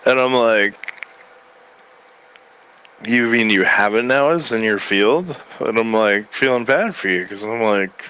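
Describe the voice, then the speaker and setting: A man's voice: fairly low pitch, unhurried, long pauses, a little hiss or hum. Rambling man muttering from his bed. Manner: erratic, swings between loud outbursts and quiet mutters. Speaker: recording artist. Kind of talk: rambling spoken-word monologue. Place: bedroom. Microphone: microphone in bed.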